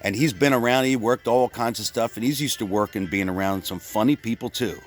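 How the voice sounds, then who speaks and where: A man from Pennsylvania telling a rambling comic story, full of stumbling restarts and deadpan exaggeration. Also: mid-range voice, brisk, faint music behind. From Pennsylvania, USA. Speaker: comedian.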